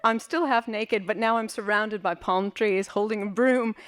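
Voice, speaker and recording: A woman tells a personal story live on an auditorium stage, speaking into a stage mic. Her delivery is wry and vivid, with theatrical turns, and her pitch sits in a plain middle range. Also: normal speed, fairly bright tone, clear, resonant tone.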